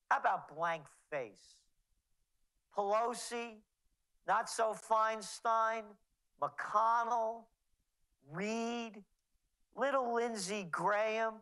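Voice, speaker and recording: A man's voice: high-pitched, sharp tone, poor audio. A man speaking as a guest on a talk radio show, sarcastic and indignant, mocking the people he names. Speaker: guest commentator.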